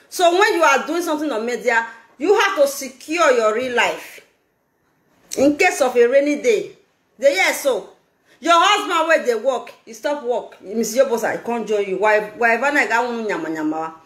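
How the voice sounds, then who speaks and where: A Nigerian woman talking on a casual live video, animated and laughing, mixing in pidgin. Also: fairly high pitch, moderate pace, roomy sound. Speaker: social media vlogger.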